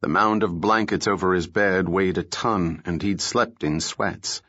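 Man, audiobook narrator, low voice, steady measured reading, dry close mic, slightly muffled recording. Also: no echo. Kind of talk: scripted narration of a thriller novel.

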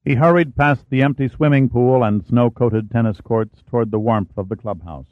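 A man reading an audiobook chapter in a steady, measured narration. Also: medium pitch, dry recording. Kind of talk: scripted narration. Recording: dry, tinny phone-like sound.

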